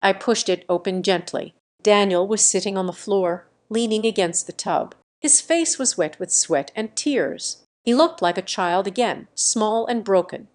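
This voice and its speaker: A woman's voice: medium pitch, a little slow, few pauses. Woman narrating a dramatic family story. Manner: steady reading of dramatic first-person story.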